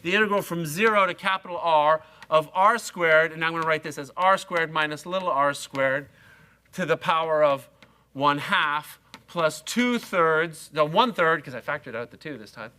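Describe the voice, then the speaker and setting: A man's voice: fairly high pitch, normal speed, bright, forceful tone. A middle-aged man lecturing a university class, chatty and self-mocking, talking straight to his students. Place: lecture hall.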